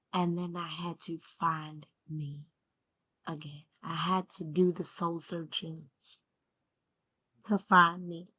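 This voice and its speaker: A woman's voice: fairly low pitch, level tone, takes it slowly, pauses often, sharp tone, slightly rough. A woman talking to the camera about her healing journey. She speaks from the heart in a reflective way, asks herself questions and keeps checking in with "right?". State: emotional, near tears at times. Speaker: spiritual vlogger. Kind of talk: reflective personal talk to camera.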